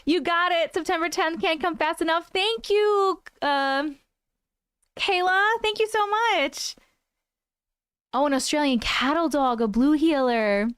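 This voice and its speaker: A woman's voice: very high voice, measured pace, fairly bright tone, dry recording. A woman in her thirties hosting a casual live stream, chatting with viewers and laughing often.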